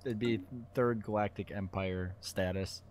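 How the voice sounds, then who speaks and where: A man's voice: lowish voice, fairly even intonation, a little slow, a little mellow, a little hiss or hum. A man chatting casually as a player in a gaming session, laid-back and chuckling, with short remarks. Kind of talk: casual multiplayer gaming chat.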